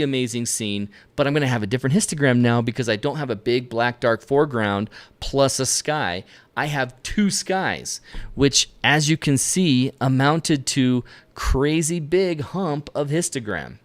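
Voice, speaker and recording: Upbeat male host, mid-range voice, teaching viewers live at the camera. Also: medium pitch. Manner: energetic, talks to viewers directly with self-directed asides. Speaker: photography instructor. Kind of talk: live-stream tutorial. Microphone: camera lens mic, at a desk facing the camera.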